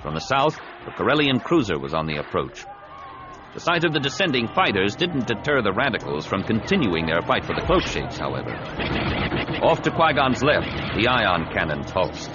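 A man narrating a science fiction novel in an expressive, dramatic reading. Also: fairly low pitch, background noise. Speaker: audiobook narrator. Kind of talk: scripted narration. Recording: slightly dull, dry studio recording.

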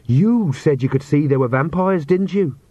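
A man reading aloud and voicing an earnest young witch woman with a brisk, reproachful manner. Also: on the high side, animated, dark tone, dry recording, pitched above the performer's own voice.

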